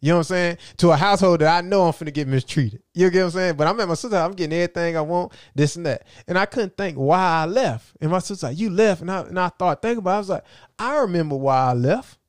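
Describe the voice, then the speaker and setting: A man talks casually, telling lively stories in slang and breaking into his relatives' voices. His voice sits a bit high for a man, and it is recorded close and dry, with no room sound. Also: quick pace, no echo. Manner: animated storytelling, slangy, acts out relatives' voices. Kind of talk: casual conversation.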